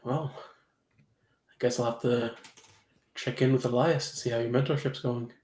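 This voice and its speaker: A man's voice: mid-range voice, steady tone, moderate pace, close to an everyday voice. A man playing a stiff noble father. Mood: cool, formal. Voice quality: formal, clipped, quiet. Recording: roomy echo.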